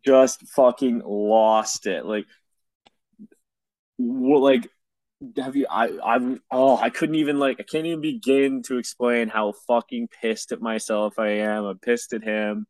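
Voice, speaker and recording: A man's voice: mid-range voice, fairly even intonation, unhurried, a little mellow, no echo. Fed-up man ranting, lots of swearing. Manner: exasperated, swears a lot, rambling with restarts. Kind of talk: casual storytelling chat.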